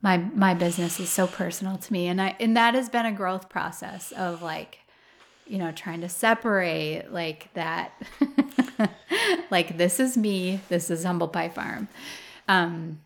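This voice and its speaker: A woman's voice: lowish voice, expressive, measured pace. A woman flower farmer talking through her thoughts in a casual interview, rambling with many fillers.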